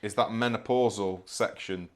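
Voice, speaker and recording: A man hosting a podcast, relaxed and jokey, asking questions and backing up his guest. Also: on the low side, normal speed. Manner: relaxed, jokey, frequent backchannel. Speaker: podcast host. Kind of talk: casual interview.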